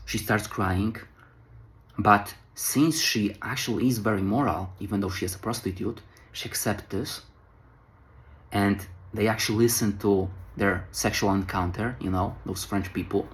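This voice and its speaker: A man's voice: lowish voice, normal speed. A young man in a vlog, casually talking through a classic novel with loose phrasing, filler words and restarts. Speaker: vlogger reviewing a classic novel. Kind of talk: casual spoken book analysis.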